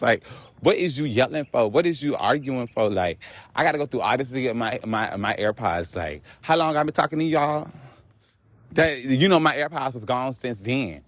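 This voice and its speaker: A man vlogging outdoors on a walk, telling a story in an animated, profane rant. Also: mid-range voice, normal speed, no echo. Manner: animated, profane, laughing asides.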